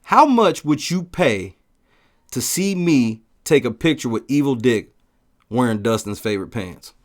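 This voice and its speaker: A man hosting a casual livestream, talking profanely and telling stories with lively shouted bits as he reads the chat. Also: medium pitch, a little slow. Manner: profane, animated storytelling with shouted quotes. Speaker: livestream host reading chat.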